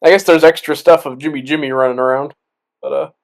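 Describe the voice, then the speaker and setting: A man's voice: on the high side, steady tone, fast talker, creaky, rough recording. A tipsy man co-hosting a movie watch-along, rambling and trailing off between laughs in casual commentary.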